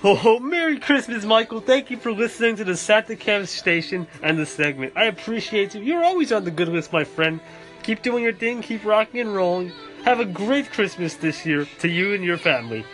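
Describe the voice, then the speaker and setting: A man hosting a podcast in a jolly Santa persona, giving cheerful, bouncy holiday shout-outs. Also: high voice, lively intonation, moderate pace, faint music behind.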